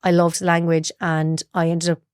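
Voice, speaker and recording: A woman's voice: on the low side, monotone, normal speed, a little mellow, clear, resonant tone, no room sound, studio quality. An Irish woman from Galway, a broadcaster guest telling chatty stories about her life and acting out quoted dialogue. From Ireland, Galway. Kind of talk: casual storytelling interview.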